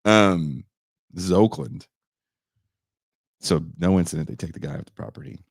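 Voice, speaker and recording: A man on a podcast telling a story casually, animated and profane, often leaping up in pitch for emphasis. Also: moderate pace, creaky, no room sound, clean studio sound. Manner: animated, profane, jumps into high voices for emphasis.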